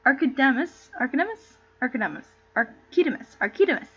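A woman's voice: high-pitched, sing-song, a little fast, a little hiss or hum. A woman who streams herself reading a play aloud and chatting casually. She is giggly and rambling, and she stumbles over names. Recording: dull lo-fi stream audio.

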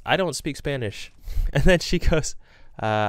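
A young man talks casually to his camera, rambling and poking fun at himself as he tells stories. His voice is smooth and clear, and the sound is dry and close with no room echo. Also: mid-range voice, animated, a little slow. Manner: rambling, self-deprecating storytelling. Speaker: gaming vlogger. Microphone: camera with green screen.

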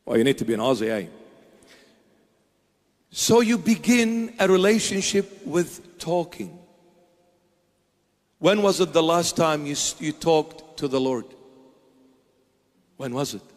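A man's voice: fairly high pitch, animated, unhurried, long pauses, in a large hall. A man preaching a sermon as a bishop, emphatic, firing off repeated rhetorical questions.

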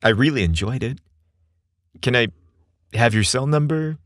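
A man's voice: medium pitch, expressive, normal speed, a bit bright, no echo, studio quality, close to an everyday voice. A man playing a sweet young skater. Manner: sweet, a little nervous.

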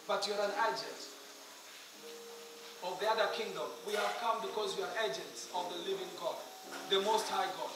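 A man with a Kenyan accent preaching an altar call in a large hall, pleading and urgent, rising at times to shouts. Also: sits high, normal speed. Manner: urgent, pleading, switching between English and Swahili, swelling to shouts. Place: large echoing hall at a school meeting. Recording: echoey hall from far off with music.

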